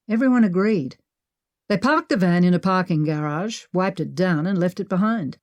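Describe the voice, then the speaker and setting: A woman reads an adventure audiobook in a steady, measured way. Her voice sits lower than most women's and keeps an even, unhurried narrating tone throughout. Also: no echo.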